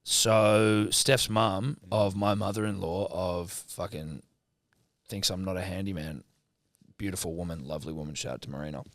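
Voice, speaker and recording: A man's voice: deep voice, fairly even intonation, moderate pace, fairly bright tone, dry recording, studio quality. A man, co-hosting a casual sports podcast and telling stories with plenty of swearing. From Australia. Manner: swears freely, tells stories with put-on quotes. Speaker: podcast co-host.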